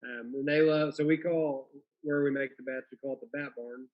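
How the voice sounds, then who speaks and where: A young man, a guest in a casual interview, talking in a friendly, relaxed way and explaining things plainly. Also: mid-range voice, normal speed. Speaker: guest, small business owner. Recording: slightly dull lo-fi audio.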